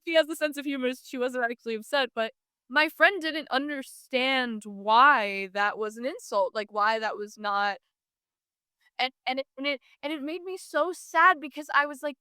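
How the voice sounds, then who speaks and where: A young woman hosting a podcast, chatty and animated as she tells stories, with many fillers and restarts. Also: high voice, normal speed, clean tone, no echo, studio quality. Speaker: podcast host. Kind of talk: casual podcast conversation.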